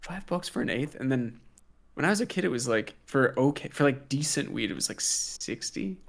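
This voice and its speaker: A man's voice: medium pitch, expressive, normal speed, gravelly. A man with a Philadelphia accent co-hosting a casual live-stream chat, rambling and swearing casually as he trails off mid-thought. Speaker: co-host.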